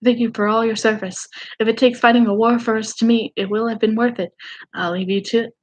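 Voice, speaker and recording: A woman rapping the part of an earnest, confident young man, dropping her voice lower. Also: steady tone, a little fast, close to an everyday voice. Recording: dull lo-fi sound.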